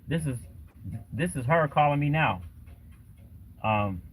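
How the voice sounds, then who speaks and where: A man's voice: fairly high pitch, expressive, slow pace, a little hiss or hum, rough recording. A man hosting a casual livestream, talking in a rambling way with lots of fillers. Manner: rambling, many fillers and restarts. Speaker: livestream host.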